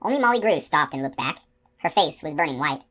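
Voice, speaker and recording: A woman narrating a fantasy novel aloud in a steady, expressive reading voice. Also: deep voice, brisk. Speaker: audiobook narrator. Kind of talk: scripted narration.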